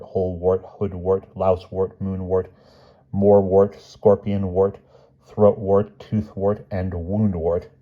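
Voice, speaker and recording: Brief: male storyteller with a deep, warm voice, savoring every list, on a muffled recording. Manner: measured, relishing word lists. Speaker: audiobook reader. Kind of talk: storybook reading aloud.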